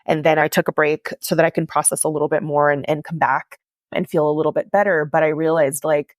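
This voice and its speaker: A woman's voice: sits low, flat delivery, fairly quick, no room sound, clean studio sound. A woman podcast host telling a personal story in a candid, confessional way, with lots of "like" in her speech. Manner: candid, confessional, heavy use of "like".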